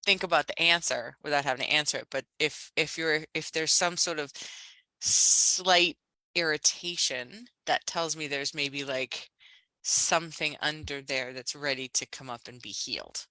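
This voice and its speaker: A woman's voice: low-pitched, normal speed, bright, forceful tone, no echo, rough recording. A middle-aged woman, a coach and healer co-hosting a casual podcast, talking reflectively with many restarts.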